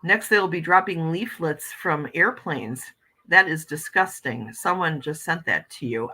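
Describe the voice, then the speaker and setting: A woman's voice: lowish voice, animated, normal speed, sharp tone, husky, low-quality recording. A woman hosting a casual morning livestream, chatting with viewers and reading their comments aloud as she shows oracle card decks.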